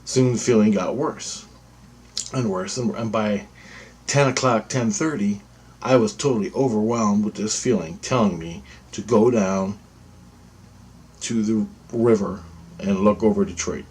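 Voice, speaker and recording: A vlogger with a lowish, darkish voice speaks a little slowly, leaving long pauses, over slight background noise. He tells a personal story casually, rambling and repeating himself and swearing freely.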